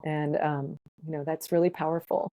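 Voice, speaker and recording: Woman, low gravelly voice, mellow tone, explanatory, casual interview guest. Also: level tone, moderate pace. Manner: thoughtful, explanatory, laughs often between points. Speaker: ethnobotanist guest.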